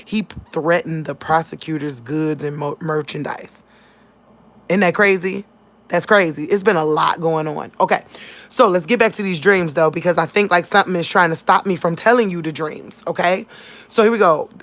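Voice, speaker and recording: A woman's voice: on the low side, fairly quick. Emotional woman telling her dream. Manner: emotional, talks straight to viewers, animated. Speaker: vlogger sharing dreams. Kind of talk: casual storytelling to viewers.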